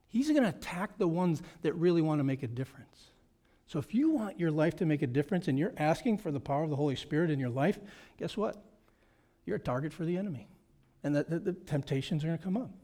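Pastor, man in middle age, bright high voice, preaching with punchy repeated phrases. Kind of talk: sermon.

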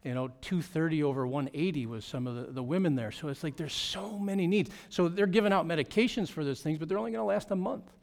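Middle-aged pastor guy, kinda high voice, chatty and laughing a lot as he tells church about the trip. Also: fast talker, vocal fry, hardly any pauses. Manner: animated storytelling with frequent laughs. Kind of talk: church mission trip report.

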